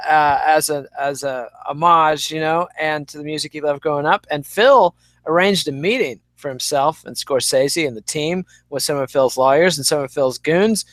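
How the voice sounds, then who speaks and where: A man's voice: fairly high pitch, fairly bright tone, no room sound. A man co-hosting a podcast in casual chat, with dry, wry asides and long anecdotes. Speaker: podcast co-host.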